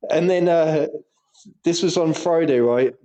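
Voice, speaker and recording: A man's voice: on the high side, measured pace. Laughing, swearing man telling stories. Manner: animated storytelling, frequent laughter and swearing. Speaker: podcast co-host; primary school teacher. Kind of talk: casual football podcast chat.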